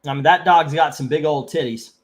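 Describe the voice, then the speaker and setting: A man's voice: fairly high pitch, a little fast. A man hosting a live comic book auction stream, chatting casually in a rambling, joking way and reading out viewer comments. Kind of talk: casual livestream chat.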